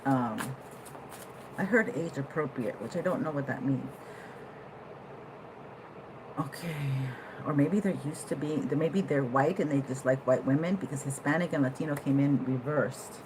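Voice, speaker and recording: A woman giving a casual tarot reading to her viewers, animated, at times laughing and jumping from quiet musing to loud excited bursts. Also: deep voice, moderate pace, background noise. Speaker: tarot reader.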